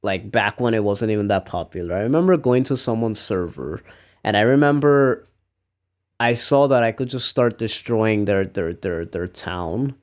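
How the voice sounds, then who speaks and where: A man's voice: lowish voice, animated, moderate pace. A young man streaming, chatting casually and rambling through a story with frequent laughs. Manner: rambling, laughs at himself while telling stories. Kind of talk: casual chat.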